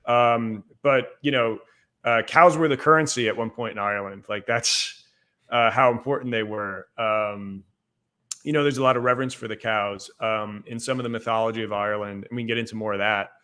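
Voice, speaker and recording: A man's voice: on the low side, fairly quick, pushed and bright, smooth. A young adult man from the Northeastern United States, a podcast guest explaining things in a loose, casual way full of "like".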